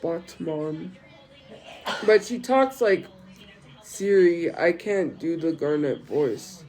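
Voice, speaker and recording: A livestreamer in casual chat, talking in a slow, rambling way, voice still deepened from a recent illness. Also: animated, darkish tone, rough recording. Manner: slow, rambling rant that drifts into chat replies. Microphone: streaming setup.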